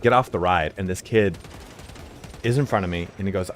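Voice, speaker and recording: A man live-streaming a game, chatting casually and telling stories in a loud, animated voice. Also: sits low, fast, long pauses, slight background noise.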